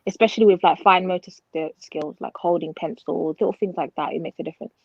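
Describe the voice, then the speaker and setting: Brief: woman teacher, quick emphatic talk, lowish voice, dry dull lo-fi sound. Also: gravelly, dry recording. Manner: emphatic, advice-giving. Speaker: teacher, co-host. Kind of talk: casual chat.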